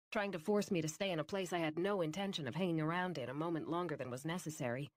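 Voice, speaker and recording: A woman narrating a fantasy audiobook in first person, with a wry, brisk storytelling manner. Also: fairly low pitch, dry recording, studio quality.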